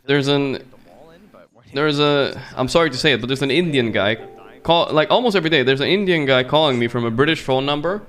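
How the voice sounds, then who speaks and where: A man's voice: mid-range voice, lively intonation, fairly quick, a bit bright, soft background music. Laid-back joking male streamer. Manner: loose, joking, swears freely. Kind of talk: casual chat while commentating a game.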